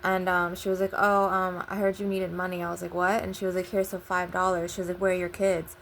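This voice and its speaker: A woman with a low, gravelly voice tells a personal story in a flat, level tone. Her delivery is rambling and casual, full of swearing and retold back-and-forth dialogue. A faint background hum sits under her voice. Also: a little fast. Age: adult. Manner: rambling, profane, retells dialogue with "I'm like". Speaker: channel host.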